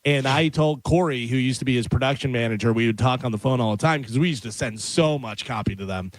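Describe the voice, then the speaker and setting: A man hosting a radio show, chatting casually and telling animated stories with frequent laughs. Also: medium pitch, fast. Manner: animated storyteller, laughs often. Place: radio studio. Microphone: studio microphone.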